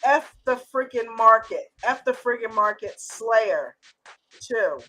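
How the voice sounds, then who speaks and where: Lively, bright-voiced American woman host. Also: fairly high pitch, slow pace. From United States. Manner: playful, teasing, laughs often, greets viewers by name. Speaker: host of a trading chat stream. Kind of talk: casual live-stream chat.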